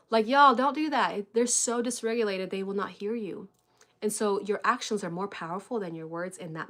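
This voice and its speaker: A woman's voice: medium pitch, a bit bright. A young adult woman coaching parents in a casual livestream chat, talking loosely with many "like"s and "y'all"s. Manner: chatty, filler-heavy, says "y'all" and "like" often. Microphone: live stream webcam.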